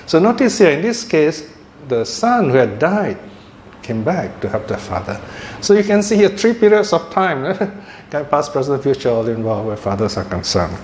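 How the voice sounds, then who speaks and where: A man and Buddhist teacher telling a religious story in a talk, with lively chuckling asides. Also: fairly high pitch, moderate pace. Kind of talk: sermon-style storytelling talk. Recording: echoey room with faint noise.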